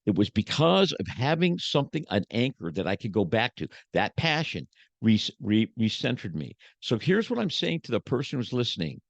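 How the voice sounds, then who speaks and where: A man, a motivational speaker, giving an emotional personal testimony as a podcast guest, shifting from hushed to emphatic like a preacher. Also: mid-range voice, big pitch swings, moderate pace, creaky, no room sound, dull audio.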